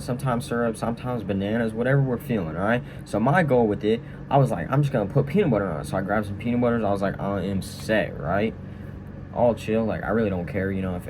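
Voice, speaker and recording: Young man rambling with room hum. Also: fairly low pitch. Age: young adult. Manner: rambling, many fillers and tag questions. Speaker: vlogger. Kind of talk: casual storytelling and tutorial. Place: room at a training school.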